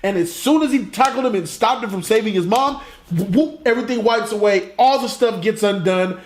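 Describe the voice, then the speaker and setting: A man retelling a comic plot in a casual, animated, profane way, as a reviewer. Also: sits high, normal speed, slight background noise. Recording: roomy echo.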